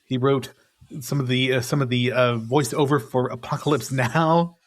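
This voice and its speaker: A man's voice: mid-range voice, fairly even intonation, moderate pace. A man co-hosting a casual movie podcast, rambling through the cast list with frequent chuckles and fillers. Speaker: podcast co-host.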